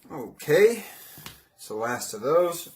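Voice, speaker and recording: A man's voice: a little high, very animated, slow, slight background noise. A man chatting casually on a livestream as he builds something, wandering off topic and poking fun at himself. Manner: chatty, wandering, self-mocking asides. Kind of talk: rambling casual livestream chat.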